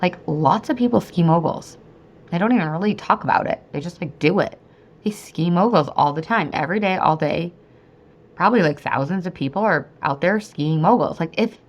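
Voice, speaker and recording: Female podcast host, thirties, lower-pitched voice, chatty motivational solo talk full of "like" and "okay". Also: normal speed. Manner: chatty and upbeat, lots of "like" and "okay", swings into high excited bursts. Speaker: podcast host and weight-loss coach.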